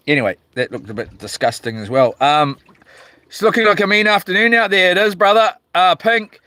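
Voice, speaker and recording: A man with a New Zealand accent talks in a relaxed, slangy way on a casual live stream. His voice sits a touch high and sounds bright and crisp. The sound is dry and close, and he chats from a small boat outdoors. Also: dry recording. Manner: laid-back, slangy, reads viewer comments aloud. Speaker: livestreaming fisherman.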